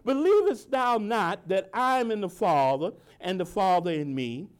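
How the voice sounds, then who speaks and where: A pastor preaching a sermon to his congregation, quoting scripture in old-fashioned wording and speaking informally, asking for agreement and slowing down to drive key lines home. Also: high-pitched, animated, clean tone. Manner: preaching with a call-and-response cadence, slowing to stress lines.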